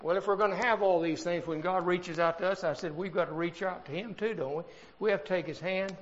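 A man's voice: high voice, muffled recording. An older man preaching a sermon, swelling in volume and drawing out key words. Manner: emphatic preaching with swells in volume and slowed stresses.

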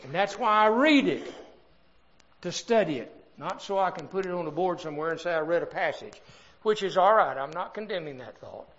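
A man's voice: high-pitched, expressive, fairly bright tone, dull audio. An older man preaching a sermon, swelling in volume and drawing out key words. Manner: emphatic preaching with swells in volume and slowed stresses.

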